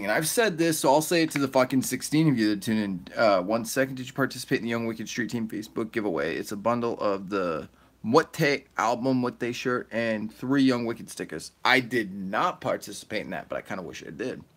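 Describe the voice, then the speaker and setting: A man hosting a casual livestream, reading chat aloud and rambling loosely, often swearing and laughing. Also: mid-range voice.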